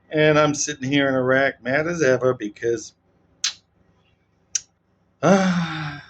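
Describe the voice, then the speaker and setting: A man giving casual, animated political commentary, often checking in with "right?". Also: on the high side, lo-fi sound. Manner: animated, keeps asking "right?".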